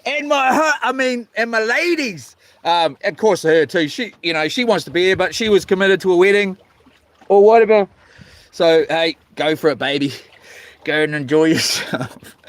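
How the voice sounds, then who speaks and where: A high-pitched New man riffing on a fishing live stream, wandering from thought to thought and growling mock-grumpy curses at his viewers. His voice sits dry and up close, with no room sound around it. Out on the water, he keeps up a loose, joking stream of talk. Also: a bit bright, smooth, no room sound. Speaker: fishing vlogger. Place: outdoors on the ocean.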